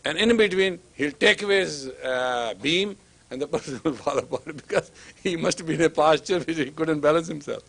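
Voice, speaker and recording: A man's voice: a little high, normal speed, vocal fry, fairly bright tone. A man lecturing as a spiritual teacher, emphatic and repetitive, sometimes dropping to a whisper for emphasis. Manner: emphatic, repetitive, acts out dialogue. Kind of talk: lecture to students.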